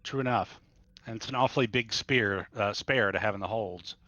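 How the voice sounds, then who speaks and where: A man's voice: on the low side, normal speed, sharp tone, no echo, lo-fi sound. A man playing a starship captain in a tabletop role-play game, giving orders with many hesitations.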